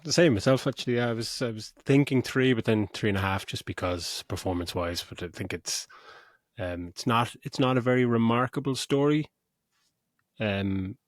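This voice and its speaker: A man co-hosting a casual film review podcast, mid-pitched and recorded dry and close. He talks loosely, swearing freely and laughing often. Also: moderate pace, no echo. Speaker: podcast co-host.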